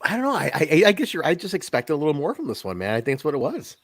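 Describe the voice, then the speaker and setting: A man's voice: a little high, wildly swooping pitch, very fast, no echo. This is a man in easygoing conversation, his voice rising and falling with plenty of energy. He swears freely and breaks into laughs. The sound is close and dry, with no room around it. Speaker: podcast host reviewing wrestling. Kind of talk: casual chat.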